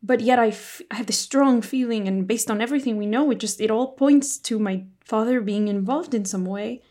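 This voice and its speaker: A woman's voice: on the high side, mellow, lightly acted. Gwen, a woman playing an earnest noblewoman. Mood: worried. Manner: earnest, measured, thoughtful. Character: earnest young noblewoman, worried about her scheming father.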